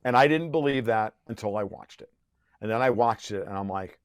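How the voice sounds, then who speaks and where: A man's voice: lowish voice, brisk, smooth, no room sound. A man who is a podcast guest, talking in a heated conversational rant. He is profane and sarcastic, and he often restarts his sentences.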